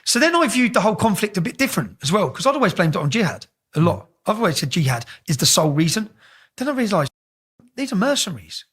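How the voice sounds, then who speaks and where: A middle-aged English man telling stories casually as an interview guest, animated and swearing freely. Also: sits high, fast talker, breathy edge. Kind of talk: casual storytelling.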